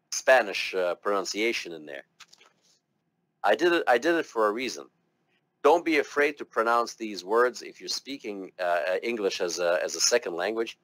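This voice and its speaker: In a classroom lecture on medical terminology, a man with a lowish, slightly bright voice chats encouragingly, coaxing his students to say the words aloud. There is no echo.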